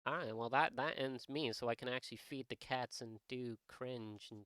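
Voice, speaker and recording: Bright, crisp young man rambling on stream. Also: mid-range voice, moderate pace, no echo, clean studio sound. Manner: rambling, profane, joking, many restarts. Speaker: art streamer. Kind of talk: casual live-stream chat.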